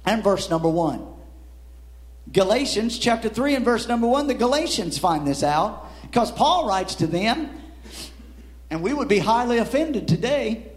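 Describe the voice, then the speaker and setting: A man preaching a sermon, repeating words and punctuating his points with "Amen". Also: high voice. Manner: rising and dropping emphasis, repeats words, frequent "Amen".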